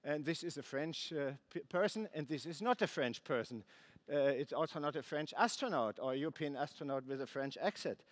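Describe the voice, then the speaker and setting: A man heading a space agency gives a conference keynote, halting and restarting often, with dry asides. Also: fairly high pitch, expressive. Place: conference plenary hall.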